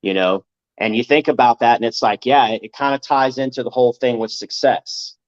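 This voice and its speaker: A man's voice: medium pitch, brisk. A man in casual podcast chat, talking earnestly and motivationally, repeating his points. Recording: dull lo-fi audio.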